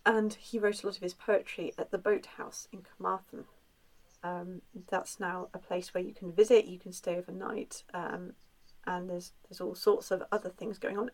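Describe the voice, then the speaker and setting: A woman telling a spooky folk tale in a relaxed, chatty way, with frequent filler sounds. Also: mid-range voice, low-quality recording. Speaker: storyteller. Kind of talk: conversational folklore storytelling.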